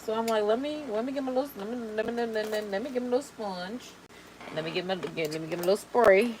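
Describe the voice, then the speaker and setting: A woman's voice: medium pitch, fast talker, noisy background. A woman chatting casually while doing her makeup on camera. She talks in slang and repeats words for emphasis. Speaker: beauty vlogger.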